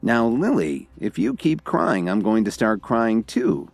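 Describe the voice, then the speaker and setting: Worn-out young man, gently wry, low voice lifted a little, storybook read, done by the narrator. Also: normal speed, creaky, breathy edge, no room sound, faint music behind, exaggerated voice. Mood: gentle. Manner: calm, gently teasing.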